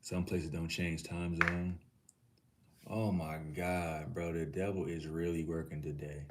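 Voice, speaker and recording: A man's voice: sits low, level tone, a little slow, noisy background. A middle-aged man from Texas hosting a livestream, talking casually with his chat, swearing freely and calling viewers nephew. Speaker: livestream host.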